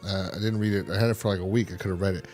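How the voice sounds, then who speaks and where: A man's voice: deep voice, steady tone, rapid-fire, a little mellow, soft background music. A man hosting a casual review podcast, retelling a plot in a rambling way with lots of restarts. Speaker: podcast host.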